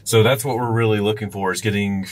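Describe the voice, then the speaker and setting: A man co-hosting a road trip vlog, explaining things in a relaxed, casual way with lots of fillers. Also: lowish voice, quick pace, low-quality recording. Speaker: vlog co-host. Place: inside a car on the highway. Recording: road noise in a car.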